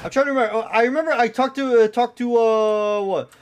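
A young man streaming a shooter game live, rambling and swearing excitably with lots of filler words. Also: very high-pitched, fast talker, slight background noise. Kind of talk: live gameplay commentary.

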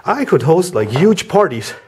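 A man talking casually as he walks through a house, giving a vlog tour with a chatty, wry, deadpan humor. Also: fairly high pitch, normal speed, husky. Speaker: vlogger house sitting.

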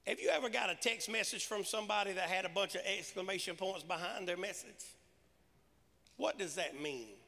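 A man preaching with a high, gravelly voice that has a bright, forceful edge. His delivery is punchy and conversational, and long reverb trails his words around a large church sanctuary. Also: brisk. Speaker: pastor. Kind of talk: sermon.

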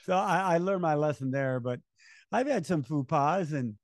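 A man's voice: fairly high pitch, normal speed, no room sound, studio quality. An older man, a race announcer, telling stories in an interview and acting out the voices of people he quotes. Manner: animated storyteller, acts out quoted voices, chuckles. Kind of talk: conversational storytelling interview.

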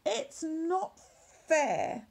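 Jealous, grumbling sheep in a children's story, woman performing, lively whining pitch. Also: unhurried, creaky, exaggerated voice.

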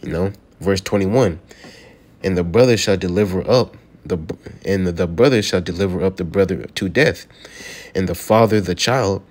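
A man teaching from scripture in a loose, conversational way, reading verses slowly and then explaining them, with "man" and "you know" at the ends of his lines. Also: deep voice, a little mellow. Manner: slows to read scripture aloud, then explains it. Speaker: preacher.

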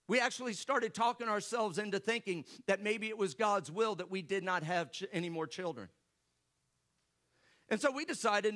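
A man's voice: sits high, normal speed, a bit bright. A man preaching a sermon, telling a personal story and joking with the congregation. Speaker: pastor.

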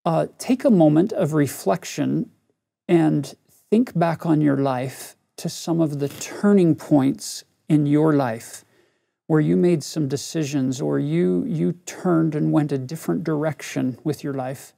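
This man's voice is a little high, creaky and dark in tone, and he speaks a bit slowly. A middle-aged religion teacher, he's giving a scripture lesson, earnestly telling a personal story and directly addressing his audience.

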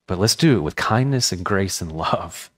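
A man's voice: low-pitched, lively intonation, moderate pace, a bit bright. A male pastor preaching a sermon, earnest and impassioned, telling personal stories. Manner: storytelling with personal anecdotes. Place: church.

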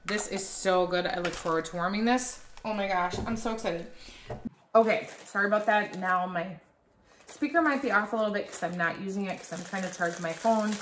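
A woman in her thirties talks excitedly and directly to her viewers from a room at home, gushing over each item in an easy, casual way. Her voice sits in a middle range, and the room gives it a clear echo. A few faint clicks sit under the speech. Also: fairly quick, a little hiss or hum. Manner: slips into a high baby-talk voice for her dog. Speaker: wax haul vlogger. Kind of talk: casual product haul chat.

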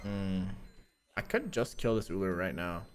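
A man's voice: deep voice, animated, a little slow, faint music behind. A man streaming a ranked game, ranting in frustration at his teammates and muttering sing-song asides. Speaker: streamer playing a ranked match. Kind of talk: gaming stream commentary.

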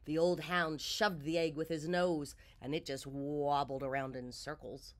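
A woman reading a children's picture book aloud, with expressive storytelling. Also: deep voice, a little slow.

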